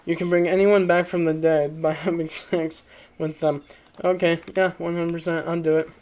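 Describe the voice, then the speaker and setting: Brief: a man with a slightly high voice, loose joking commentary, full of fillers. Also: level tone, moderate pace, a little mellow. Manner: rambling, joking, lots of fillers and laughs. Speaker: video creator. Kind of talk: casual commentary reading online posts.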